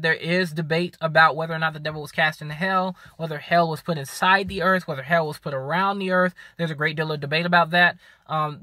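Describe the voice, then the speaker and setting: A man talking casually to camera, rambling and restarting, tired and hiccuping after a workout. His voice is bright and a little higher than most men's. The recording is dry and close. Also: dry recording. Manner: rambling, with many ums and restarts. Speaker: video host.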